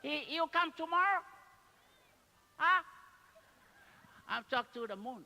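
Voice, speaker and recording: Guy joking around, bright sharp tone, teasing singsong english. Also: very high voice, lively intonation, takes it slowly, gravelly, pauses often, long reverb tail, a little hiss or hum. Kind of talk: comic bit with playful banter.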